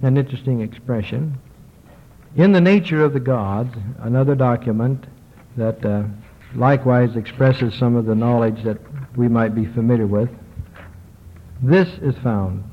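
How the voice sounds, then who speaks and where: Man lecturing in a tinny, echoing hall. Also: mid-range voice. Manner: slow, measured reading with small hesitations. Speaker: religious lecturer. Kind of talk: lecture reading ancient texts aloud. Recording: tinny lo-fi recording, long hall reverb.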